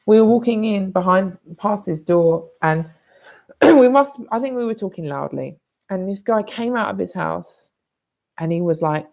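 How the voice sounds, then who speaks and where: A woman's voice: medium pitch, animated, moderate pace, vocal fry, darkish tone. A British woman vlogging, telling a personal story in a candid, blunt, rambling way with some swearing.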